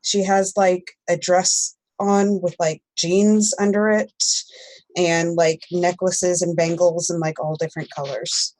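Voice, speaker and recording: Female player, unhurried, low pitch, many fillers. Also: little pitch movement, a little mellow, no echo, low-quality recording.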